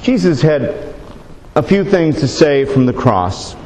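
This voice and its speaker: A man giving a sermon as a pastor in a church, in a measured, unhurried way that slows on key phrases. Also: a little high, big pitch swings, a little mellow, slight background noise. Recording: long reverb of a large hall.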